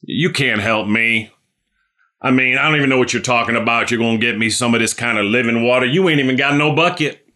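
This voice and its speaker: A man voicing a scornful, streetwise woman who dismisses a stranger with quick, sassy retorts. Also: medium pitch, bright, forceful tone, lightly acted. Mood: scoffing.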